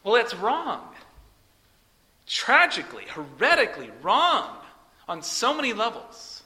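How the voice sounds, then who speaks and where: A male preacher delivering an expository sermon, emphatic, swinging from loud peaks to soft trailing phrase ends, mocking when quoting a rival teacher. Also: very high-pitched, wildly swooping pitch, unhurried. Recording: long hall reverb.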